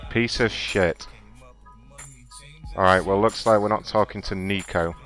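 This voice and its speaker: Crude, sarcastic male prank show host, lowish voice, faint music bed. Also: fairly even intonation, measured pace, fairly bright tone. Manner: profane, sarcastic, rambling. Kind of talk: casual crude radio banter.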